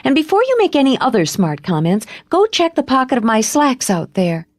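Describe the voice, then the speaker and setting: A woman voicing a spoiled, glamorous young woman in an audiobook, speaking in a high, pouting voice. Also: big pitch swings, a little fast, dry recording.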